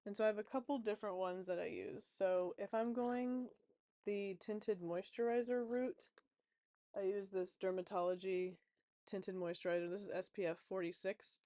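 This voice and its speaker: Rambling woman with a mellow voice. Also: mid-range voice, fairly even intonation, normal speed, no echo. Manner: rambling, chatty, many fillers. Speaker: tarot reader. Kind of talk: casual vlog chat.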